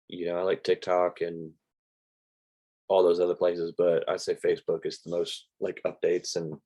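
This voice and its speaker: An older American man teaching real estate investing in a casual live stream, telling stories and quoting conversations with sellers. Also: deep voice. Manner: chatty storyteller, quoting conversations, says "like" a lot.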